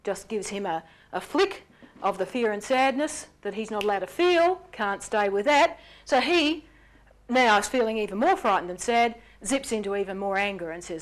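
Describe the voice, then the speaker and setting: A woman giving an explanatory lecture, speaking in an animated way with sudden jumps in pitch on key words. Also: normal speed. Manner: acts out quoted lines in character.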